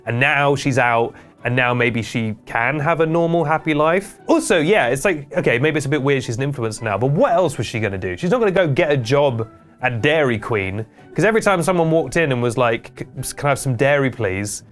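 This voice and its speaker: A man's voice: medium pitch, brisk, faint music behind. Wry man hosting a vlog. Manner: wry, deadpan asides. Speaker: host. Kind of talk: comedic internet news vlog.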